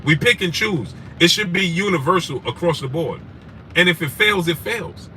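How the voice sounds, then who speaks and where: His voice is high-pitched, bright and forceful, animated at a normal speed, as he passionately hosts a casual sports live stream. The man, who has a wife and kids, names viewers as he greets them and repeatedly asks "right?", while a distant mic picks up clear background noise.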